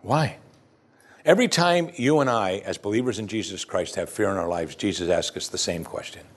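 A man's voice: on the low side, normal speed. A male pastor giving an expository sermon full of rhetorical questions.

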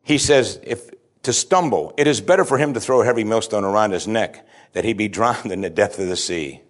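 A man's voice: on the low side, a little fast. A pastor preaching a sermon, reading scripture aloud and then explaining it in a conversational way, pushing his voice up to stress key points. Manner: emphatic, often rising to stress a point.

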